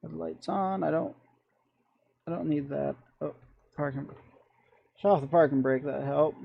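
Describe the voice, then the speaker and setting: A man's voice: on the high side, steady tone, unhurried, gravelly, husky, narrow, tinny audio. A man with a Michigan accent, streaming and chatting casually through his gameplay in a rambling, self-deprecating way.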